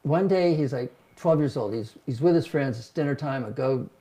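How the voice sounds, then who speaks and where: A man's voice: mid-range voice, normal speed, mellow. An older man, a pastor and host, telling personal stories in a reflective, self-deprecating way. He livens up his voice when quoting others. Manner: reflective, self-deprecating, acts out quotes in livelier tones. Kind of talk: casual conversational storytelling.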